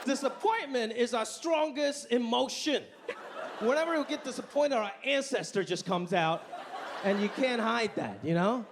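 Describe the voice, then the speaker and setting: With a very high-pitched, gravelly voice at normal speed, a man delivers a stand-up set in a club, telling animated stories punchily. It's a very noisy live recording with the audience laughing.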